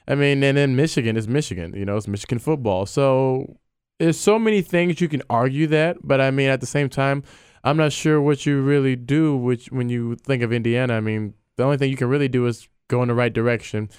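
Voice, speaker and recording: A man's voice: mid-range voice, fairly quick, a little mellow, smooth, no echo, clean studio sound. A man co-hosting sports talk radio, opinionated and rambling. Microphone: studio microphone.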